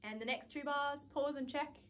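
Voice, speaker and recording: A woman's voice: high voice, fairly even intonation, moderate pace. A woman music teacher giving a saxophone lesson, patiently explaining each step and counting out rhythms aloud.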